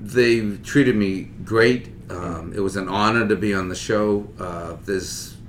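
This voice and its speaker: A man's voice: fairly low pitch, takes it slowly, roomy sound, a little hiss or hum. A man with a Boston accent chatting casually as a guest, telling stories and often stopping to search for names. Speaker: guest comedian. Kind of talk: casual chat.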